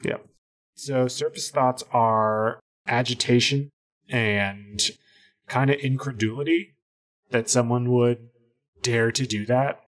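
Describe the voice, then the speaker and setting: Man, game master, relaxed chatty narration, tabletop game, mid pitch. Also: slow. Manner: relaxed, chatty, hesitant with fillers while describing scenes.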